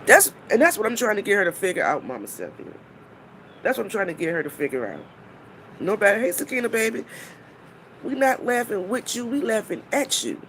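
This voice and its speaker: A woman's voice: medium pitch, big pitch swings, a little fast, fairly bright tone, slight background noise. A woman on a live stream, talking bluntly and mockingly to her viewers, swearing freely and stopping to greet people in the chat.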